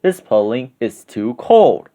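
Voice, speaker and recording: A man voicing a jolly old Santa Claus in a storybook reading, drawing his words out slowly. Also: medium pitch, sing-song, dark tone. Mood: savoring. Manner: slow, drawn-out exclaiming.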